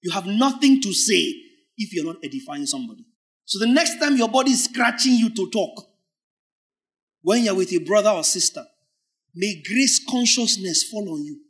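A man preaching a sermon, stretching out key words for emphasis and swinging between loud, forceful lines and hushed ones. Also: high-pitched, expressive, normal speed. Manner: acts out imagined church members in quoted asides.

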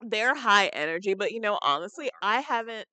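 Relaxed woman podcast co-host, dry sound. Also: mid-range voice, moderate pace, dry recording. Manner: relaxed, hedging with "like" and "uh". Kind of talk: casual chat.

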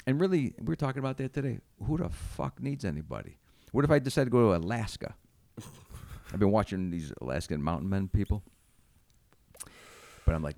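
A blunt, profane comedian trading podcast banter in a dry, close-miked sound. His low voice swings widely in pitch as he acts out stories. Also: brisk, creaky, pauses often, no echo. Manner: blunt, profane, animated storyteller.

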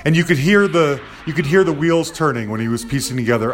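A man's voice: mid-range voice, lively intonation, a little fast. A male podcast host who talks casually, agreeing readily and rambling with many fillers. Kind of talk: casual podcast chat and outro. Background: music.

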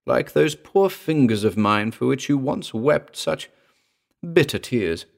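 A man's voice: mid-range voice, expressive, slow pace, gravelly, pitched above the performer's own voice, heavily acted. A man voicing the ghost of a dead actress, speaking tenderly and sadly in a throbbing contralto. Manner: tender, mournful.

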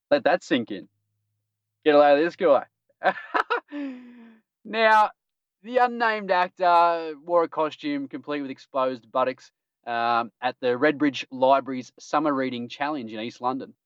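A man with a slightly high, clean-toned voice hosts a casual podcast news roundup, animated and unhurried with long pauses, laughing at his own jokes. The dull, dry lo-fi recording carries no room sound.

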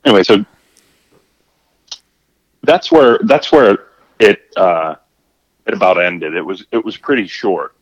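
A man's voice: a little slow, long pauses, dry recording, dull audio. A man, a fishing guide, telling a story in casual chat, his voice jumping up when he quotes himself. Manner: animated, rising pitch when quoting himself.

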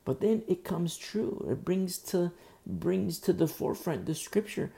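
Gravelly, mellow-voiced male preacher. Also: high-pitched, a little slow. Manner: repetitive, emphatic, with frequent restarts. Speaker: pastor. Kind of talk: sermon.

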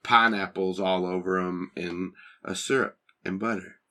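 A man's voice: sits low, steady tone, measured pace, a crowd in the background. A man narrating a tabletop game as game master, describing scenes in a laid-back, rambling way with fillers.

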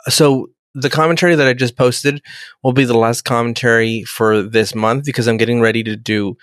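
A man's voice: mid-range voice, fairly even intonation, normal speed, a bit bright, dry recording, clean studio sound. A man co-hosting a casual podcast, goofy and jokey, often repeating words as he talks. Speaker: podcast co-host.

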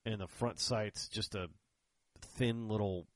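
A man with a fairly low voice tells a rambling story in casual chat, acting out each quoted line and breaking into laughter. The sound is dry and close, with no room around it. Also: steady tone, takes it slowly, no room sound.

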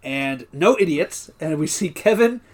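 A man co-hosting a podcast, casually recapping TV episodes in a lively way with frequent laughter. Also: a little high, a little slow. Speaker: podcast co-host.

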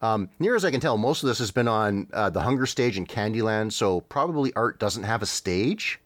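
A man's voice: lowish voice, expressive, moderate pace, no room sound. Dry-sounding man, wry chat. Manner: wry, chuckling, hesitant with fillers. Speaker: podcast co-host. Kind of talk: casual chat, describing a game trailer.

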